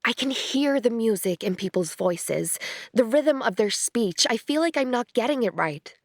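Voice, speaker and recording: Woman playing a glamorous young actress in an audiobook, gushing and dreamy in her earnestness. Her mid-pitched voice sounds dry and close. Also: lively intonation, normal speed, no echo. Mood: earnest.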